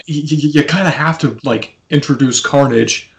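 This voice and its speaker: A man's voice: fairly high pitch, moderate pace, vocal fry, poor audio. Rambling man chatting on a call. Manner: rambling, laughs often, mock-quotes people. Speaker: podcast host. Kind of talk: casual chat over a call. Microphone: video call.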